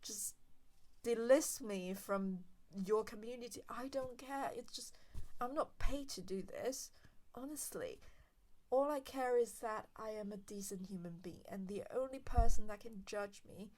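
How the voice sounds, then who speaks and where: Woman host, solo rant on a handheld recorder, fairly high voice, exasperated, slips into whispers to make a point. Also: unhurried, a little mellow. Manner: exasperated, ranting, drops to whispers for emphasis. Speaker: podcast host. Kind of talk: casual solo monologue.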